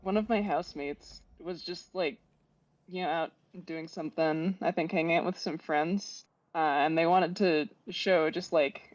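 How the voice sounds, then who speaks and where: A woman's voice: low voice, fairly even intonation, a little slow, dry recording, lo-fi sound. A woman in casual chat on a voice call, teasing friends and telling a funny story. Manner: teasing, laughing, chatty storytelling. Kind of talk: casual chat over a game stream.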